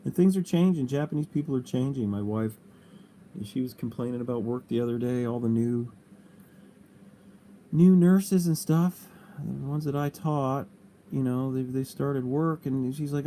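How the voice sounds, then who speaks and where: A man's voice: medium pitch, moderate pace, mellow, slight background noise. A middle-aged man hosting a casual livestream, rambling and swearing freely, with lots of "you know". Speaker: livestream host.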